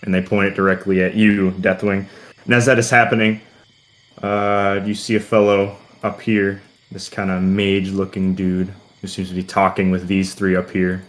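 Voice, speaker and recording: A man's voice: sits low, flat delivery, moderate pace. A man narrating as game master, rambling and full of fillers. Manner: rambling, heavy on "kinda" and "uh".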